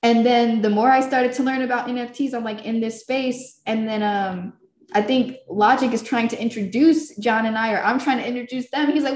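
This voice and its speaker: A woman's voice: a little high, fairly quick, a little mellow. A woman telling a story in loose, profane casual talk, laughing along the way. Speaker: filmmaker and podcast creator. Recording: roomy echo.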